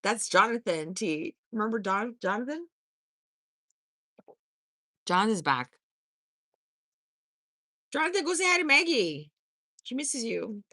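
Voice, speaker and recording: A woman's voice: on the high side, big pitch swings, takes it slowly, pauses often, bright, forceful tone, no room sound, studio quality. A woman in her fifties hosting a casual livestream, reading and answering viewer comments in a blunt, sassy way full of swearing. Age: 50s. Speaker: livestream host.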